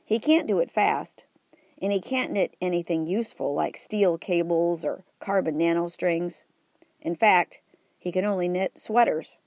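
A woman's voice: on the low side, a little slow, a little mellow, dry recording. A woman reading the part of a cheerful, health-minded superhero father in a storybook, in a hearty, matter-of-fact way.

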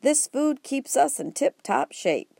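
A woman's voice: mid-range voice, expressive, unhurried, creaky, a little mellow, no echo, studio quality. A woman reading the part of a cheerful, health-minded superhero father in a storybook, in a hearty, matter-of-fact way.

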